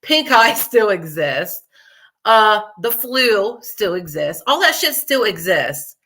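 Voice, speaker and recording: Woman, young adult, show host, casual chat, rambling, swears a lot, laughs often, bright forceful voice. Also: mid-range voice, sing-song, takes it slowly. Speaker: true crime podcast host.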